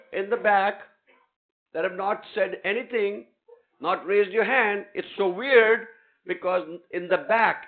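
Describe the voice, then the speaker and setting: A man giving a guest lecture in a hall, teasing and coaxing students up onto the stage. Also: high-pitched. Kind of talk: interactive classroom lecture. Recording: tinny phone-like recording.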